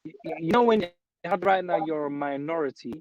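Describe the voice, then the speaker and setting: Young man, earnest, stumbles and repeats as he thinks, slightly high voice, muffled audio. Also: fairly quick, dry recording. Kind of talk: casual chat. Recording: dull dry audio.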